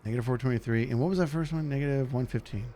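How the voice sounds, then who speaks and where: A man's voice: rapid-fire, slight background noise. A man streaming a game live, chatting goofily with his viewers as he plays. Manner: goofy, talks to chat, jumps high in excitement. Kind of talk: live gameplay commentary.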